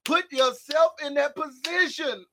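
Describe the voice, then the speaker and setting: A man preaching a sermon, shouting some lines and dropping others to a hush, calling out to listeners by name. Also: very high voice, unhurried, slight background noise. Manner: shouting emphatic lines, swinging between loud and hushed.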